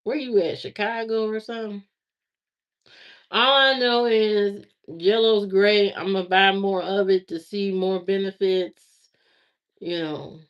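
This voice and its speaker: A woman's voice: mid-range voice, steady tone, slow, clean tone. A woman with a Southern US accent hosting a casual livestream, chatting in a rambling way and greeting viewers by name. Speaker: livestream host. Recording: slightly dull lo-fi stream audio.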